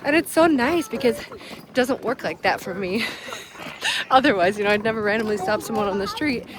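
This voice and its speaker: A woman's voice: a little high, moderate pace, noisy background. Chatty Canadian woman vlogging outdoors. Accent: Canadian English. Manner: chatty, laughs often, drops German words. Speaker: vlogger, mother. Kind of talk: casual vlog chat to camera.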